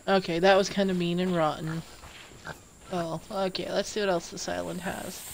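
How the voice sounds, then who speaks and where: A woman's voice: lowish voice, gravelly, a little hiss or hum, low-quality recording. A woman streaming a video game live, chatting casually and thinking aloud to herself as she plays. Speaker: gaming streamer. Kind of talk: live gameplay commentary. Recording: loud game sounds behind voice. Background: loud ocean and boat game audio.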